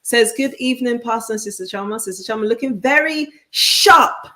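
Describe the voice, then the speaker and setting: Speaking fast with fairly even intonation and a higher-pitched voice, this UK woman co-hosts a live church talk show as the pastor's wife. She laughs a lot while happily reading viewers' messages aloud.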